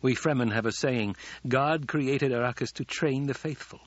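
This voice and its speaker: A man's voice: medium pitch, normal speed, no echo, dull audio, close to an everyday voice. A man voicing a commanding, calculating young male ruler with clipped delivery.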